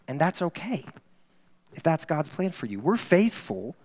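A male pastor preaching a sermon, telling a story earnestly and drawing it into quiet, intimate encouragement. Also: fairly high pitch, expressive, moderate pace. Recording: reverberant church hall.

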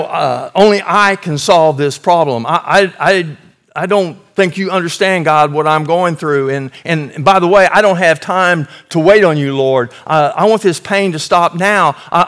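An impatient, defensive believer stammers out complaints and insists on handling everything himself, as a man acts him out in a sermon. The voice sits fairly high and pushes forward with restless insistence. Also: moderate pace, a bit bright, natural voice. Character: impatient self-reliant believer complaining to God.

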